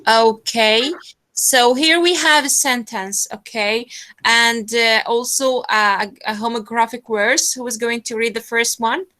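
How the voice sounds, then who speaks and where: A woman teaching a phonetics class online, slowly repeating words to model their pronunciation. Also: fairly high pitch, sharp tone.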